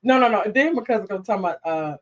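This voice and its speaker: Woman co-host, lively storyteller who laughs a lot, casual chat. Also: medium pitch, fast. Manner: animated storytelling, laughs often.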